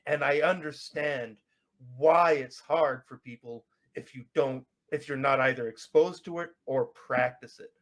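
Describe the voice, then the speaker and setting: A man's voice: medium pitch, a little slow. A man from the United States who grew up bilingual, chatting casually on a podcast panel and explaining with examples. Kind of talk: casual chat.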